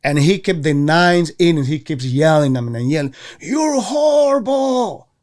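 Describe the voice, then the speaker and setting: A man from Venezuela, a former baseball player, telling stories in a casual interview, animated and acting out the voices of others. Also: a little fast. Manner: animated, acts out quoted voices with jumps in pitch. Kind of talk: casual storytelling.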